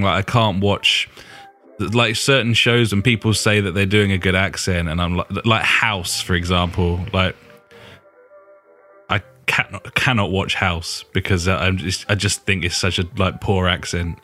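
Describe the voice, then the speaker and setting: A man's voice: low voice, fairly even intonation, moderate pace, sharp tone. A British man co-hosting a podcast in casual chat. He is easygoing, chuckles along and asks follow-up questions, with faint music behind him. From Britain. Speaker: podcast co-host.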